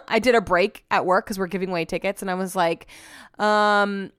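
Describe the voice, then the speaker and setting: A woman talks on her podcast in a loose, rambling way, venting with filler words and swearing. Her voice is smooth and clear at a middle pitch, recorded close and dry. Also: steady tone, moderate pace, no echo. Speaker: podcast host. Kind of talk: casual chat.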